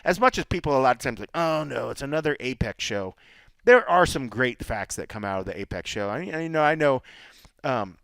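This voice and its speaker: A man's voice: mid-range voice, a little fast, smooth, no room sound. Guy co-hosting a podcast, dry studio sound, gets going telling stories. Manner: animated storytelling, rambling. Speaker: podcast co-host. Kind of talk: casual chat.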